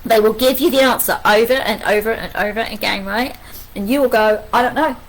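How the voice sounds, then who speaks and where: A middle-aged woman, giving a live pick-a-card angel reading in a chatty, animated way, full of rhetorical questions. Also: a little high, fairly quick, poor audio.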